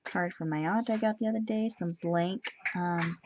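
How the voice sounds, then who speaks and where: Flipping through her journal pages at home, a woman with a lowish voice rambles and thinks aloud at a moderate pace. It's a casual show-and-tell chat, and she sounds a bit tired and sneezy. The lo-fi recording is dull, with steady background noise.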